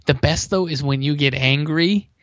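A man's voice: on the high side, normal speed, highs cut off, background noise. A man co-hosting a casual sports podcast, teasing his co-host with dry sarcastic jokes.

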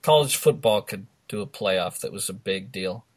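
Husky Boston man hosting a podcast. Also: deep voice, animated, moderate pace. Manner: jokey, upbeat sign-off banter. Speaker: podcast host. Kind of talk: casual sports podcast chat.

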